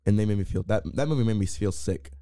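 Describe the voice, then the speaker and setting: Mellow, smooth-voiced young man rambling. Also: on the low side, fast, no room sound, clean studio sound. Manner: rambling, restarts often, playful banter. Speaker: podcast co-host. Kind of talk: casual movie review chat.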